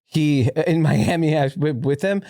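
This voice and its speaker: With a slightly high voice and a moderate pace, this man co-hosts a relaxed podcast, recorded in a clean studio with no room sound. He's an energetic storyteller who laughs a lot and curses along the way.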